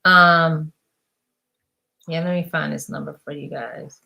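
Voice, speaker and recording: A woman's voice: low voice, fairly even intonation, slow, creaky, sharp tone. A middle-aged woman coaching her viewers in an emphatic, preachy motivational rant, casual and full of slang and repetition. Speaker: business coach.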